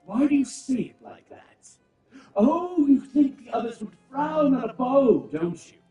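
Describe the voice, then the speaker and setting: A man's voice: very high-pitched, big pitch swings, unhurried, dark tone, heavily acted. An actor playing a fussy, vain male aristocrat who gushes and rambles theatrically. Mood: gushing. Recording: roomy, distant, game music behind.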